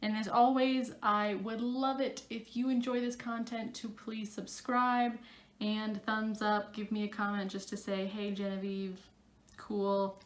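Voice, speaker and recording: A woman's voice: on the high side, steady tone, a little slow, echoey room. A woman psychic coach talking casually to her camera, chatty and full of fillers.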